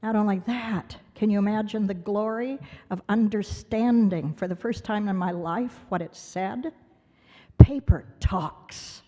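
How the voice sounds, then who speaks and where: Speaking at a moderate pace with hardly any pauses, a woman with a dark-toned, medium-pitched voice gives a heartfelt award speech. She dramatizes a personal story and voices other people, and the large gala banquet hall gives the recording a long reverb.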